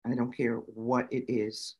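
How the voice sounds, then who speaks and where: A middle-aged woman, a guest on an interview show, telling lively stories with many fillers and giving emphatic advice. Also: rumbling low, unhurried, husky. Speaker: guest, nonprofit founder and autism parent. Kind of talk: conversational storytelling interview.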